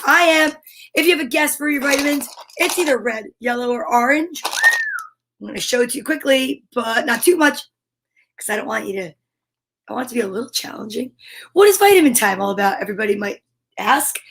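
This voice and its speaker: A woman's voice: high-pitched, expressive, a little fast, creaky, a bit bright, breathy edge. A woman hosting a playful mock children's show, talking with bubbly, exaggerated enthusiasm. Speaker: livestream host.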